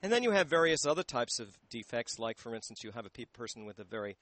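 Guy talking about voice training on a handheld mic, halting, keeps hunting for words. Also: medium pitch, sing-song, fairly bright tone, no echo. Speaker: voice teacher. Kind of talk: explaining and demonstrating singing in a radio interview. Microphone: handheld microphone.

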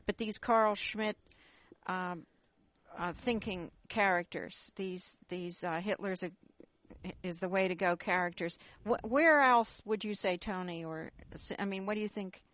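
A woman hosting a radio talk show, putting questions to her guests in a halting way with restarts. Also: mid-range voice, a bit bright. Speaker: radio host.

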